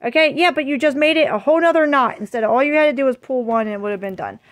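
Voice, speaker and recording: A woman with a high, bright voice talks casually into her phone at home, gushing and filling her talk with ums and apologies. She chats in an easygoing, unpolished vlog manner. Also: rapid-fire. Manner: chatty and gushing, frequent fillers and apologies. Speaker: vlogger.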